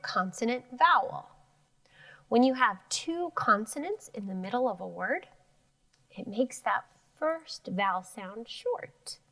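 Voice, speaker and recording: A woman teaching an elementary phonics lesson, sounding out words syllable by syllable. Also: medium pitch.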